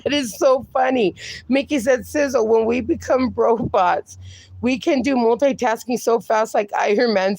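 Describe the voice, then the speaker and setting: A livestream host reading her chat aloud in an unhurried, relaxed way, laughing often between comments. Her voice is gravelly and a little high for a woman. The sound is dry and close, with no room echo. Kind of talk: casual chat.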